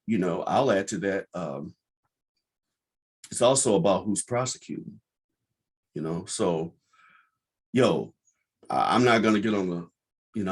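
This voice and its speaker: A man hosting his own show, giving an impassioned, blunt and profane commentary monologue. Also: deep voice. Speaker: podcast host.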